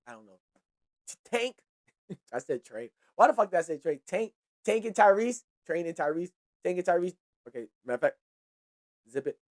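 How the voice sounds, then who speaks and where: A man's voice: high voice, sing-song, normal speed, long pauses. A man hosting a hip-hop podcast who talks casually and profanely, gives heated opinions and often trails off and restarts his sentences. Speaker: podcast host.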